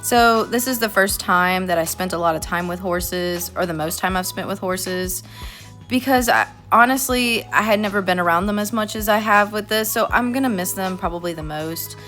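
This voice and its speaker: A woman's voice: medium pitch, moderate pace, fairly bright tone. A woman artist talking casually over her drawing, earnest and heartfelt, rambling a little. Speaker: artist vlogger. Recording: faint music behind.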